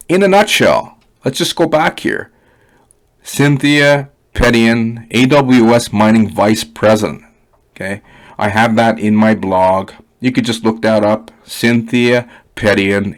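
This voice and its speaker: A man with a Canadian accent, from Canada, giving a blunt, rambling, profane unscripted rant with many fillers. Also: lowish voice. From Canada (Ottawa, Ontario). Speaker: online money reviewer.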